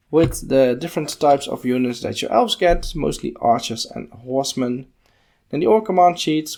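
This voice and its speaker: Male podcast host, slow and gravelly, thinking aloud through a book. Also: mid-range voice, darkish tone. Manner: unhurried, musing, thinking aloud with fillers. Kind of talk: casual page-by-page book walkthrough.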